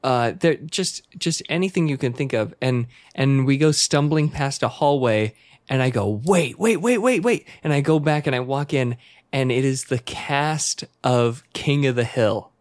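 A man with a Spanish accent telling a story in casual chat, animated and swearing freely, often breaking into laughter. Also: medium pitch, normal speed, dry recording, studio quality.

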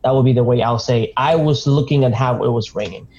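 Brief: Argentinian man, Spanish-accented English, animated casual co-host, mellow tone, dull lo-fi sound. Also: medium pitch, a little fast, a little hiss or hum. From Argentina, outside Buenos Aires. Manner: animated, many fillers, laughs often. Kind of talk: casual chat.

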